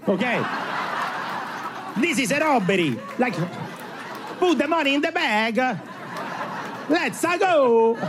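A man from Italy with a strong Italian accent, performing an animated, self-mocking stand-up comedy set on stage before a live audience. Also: high voice, noisy background.

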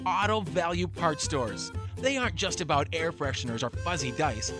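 High, lively male ad announcer. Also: normal speed. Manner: punchy, salesy delivery. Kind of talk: radio ad read. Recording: music bed under the voice.

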